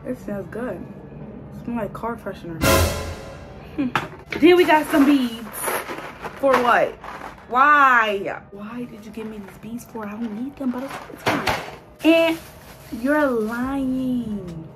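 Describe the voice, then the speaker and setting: Animated young woman chatting to viewers. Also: on the high side, takes it slowly, long pauses, music in the background. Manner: animated, exclaiming, talks straight to viewers. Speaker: hair vlogger. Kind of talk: casual vlog chat to viewers.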